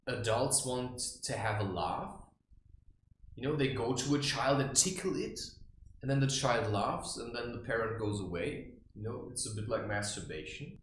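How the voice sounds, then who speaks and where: Blunt, provocative male advice vlogger, lively and fairly high, echoey room. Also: a little hiss or hum. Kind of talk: casual monologue.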